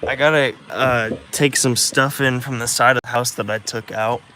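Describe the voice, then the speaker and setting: A man's voice: mid-range voice, steady tone, moderate pace, pushed and bright, slight background noise, rough recording. A man vlogging at home, venting his frustration and swearing often as he talks to himself. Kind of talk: casual vlog.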